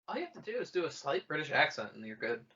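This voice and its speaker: A man's voice: a little high, big pitch swings, racing, sharp tone, dull audio. A man co-hosting a podcast in casual banter, teasing and goading his friends. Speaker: podcast co-host.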